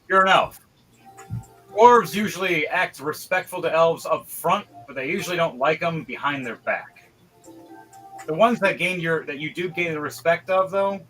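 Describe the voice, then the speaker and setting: A man runs a tabletop game, narrating in a loose, chatty way that often doubles back on itself. His voice sits a little high and sounds bright and forceful. Soft music plays underneath. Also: rough recording. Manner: loose, conversational narration with frequent restarts. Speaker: game master.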